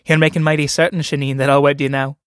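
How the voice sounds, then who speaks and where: Man doing a scornful young village girl, mocking, impatient, raised pitch, dry close sound. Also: little pitch movement, fast talker, fairly bright tone, clear, resonant tone, no echo, natural voice. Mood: teasing. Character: spirited young Irish country girl, scornful and teasing. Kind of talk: dramatic play reading.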